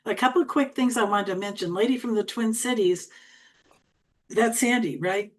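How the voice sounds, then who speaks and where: This is a woman in her sixties, originally from Wisconsin, with an Upper Midwest American accent. She speaks quickly and chattily as she runs an online training, with a folksy, friendly delivery. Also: on the high side, slight background noise. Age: 60s. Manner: chatty, fast-talking and folksy. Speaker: LinkedIn coach.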